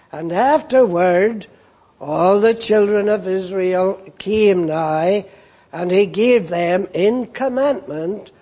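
Male preacher, high husky voice, unhurried Bible teaching with repeated key phrases. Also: darkish tone. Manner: slow, deliberate, repeats phrases for emphasis. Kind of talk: sermon, Bible exposition.

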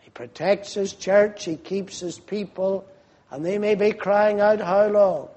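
A man preaching a fervent sermon, slow and emphatic, rising to loud cries when quoting pleas to God. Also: sits high, fairly even intonation.

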